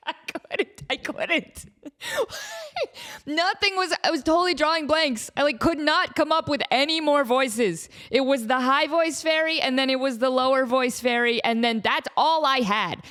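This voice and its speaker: Brief: woman podcast host, fairly high voice, self-mocking comic storytelling. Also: expressive, normal speed, a bit bright. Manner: self-mocking, laughing at herself. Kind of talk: casual comedic storytelling.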